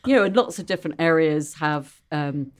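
Southern English woman, low-ish voice, giggly and halting talk show guest. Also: expressive. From London, England. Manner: giggly, hesitant, warm laughter. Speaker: guest psychologist.

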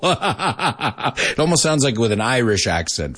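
A man's voice: mid-range voice, sing-song, moderate pace, fairly bright tone, husky. A man hosting a casual live English lesson, joking and laughing a lot and dropping into Spanish asides. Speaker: English teacher and show host.

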